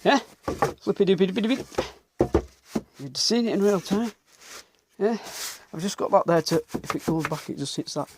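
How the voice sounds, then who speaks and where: A high, lively-toned man speaks at a moderate pace, a slightly breathless Northern Englishman from England giving blunt commentary as he does woodworking in his workshop. He mutters while he works and swears mildly now and then. Workshop noise comes through clearly behind him: planing, rubbing and the sounds of wood.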